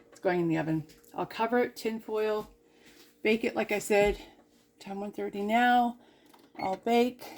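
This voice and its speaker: A woman's voice: medium pitch, gravelly, a little mellow, a little hiss or hum. Chatty, goofy woman cooking at home. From Canada. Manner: chatty and goofy, talking to herself as she cooks. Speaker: cooking vlogger. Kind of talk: casual cooking demonstration. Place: home kitchen.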